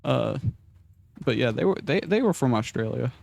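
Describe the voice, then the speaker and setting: Young male vlogger, loose crude rambling, mid-pitched, self-mocking. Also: expressive, normal speed, gravelly, a little mellow, no room sound. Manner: rambling, crude, self-deprecating, with frequent restarts. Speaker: gaming vlogger. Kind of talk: casual rambling commentary while playing.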